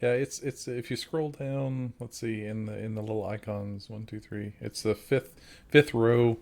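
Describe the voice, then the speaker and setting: A man's voice: lowish voice, steady tone, a little slow, creaky, a little mellow. A man playing in a tabletop game, chatty and hesitant, with lots of ums as he works out his moves. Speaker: player.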